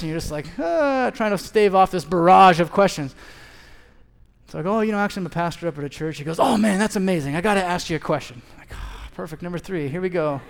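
A man's voice: sits high, expressive, brisk, gravelly. A man in his thirties preaching a sermon as a pastor, telling a story and acting out both sides of the conversation. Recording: long hall reverb.

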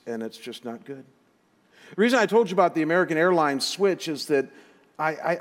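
A middle-aged man, a pastor, telling a personal story in a sermon with animated, emotional retelling and quoted dialogue. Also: mid-range voice. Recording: long reverb of a large hall.

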